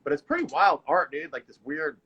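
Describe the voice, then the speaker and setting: A man's voice: fairly high pitch, big pitch swings, a little fast, a bit bright, slightly rough, highs cut off. A young man in casual chat, laid-back, with lots of filler words and easy laughs.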